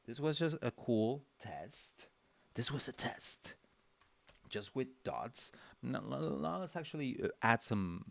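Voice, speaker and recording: A man leads a casual livestream drawing lesson, thinking aloud as he sketches, with plenty of fillers and restarts. His mid-range voice is creaky, and there's no room sound.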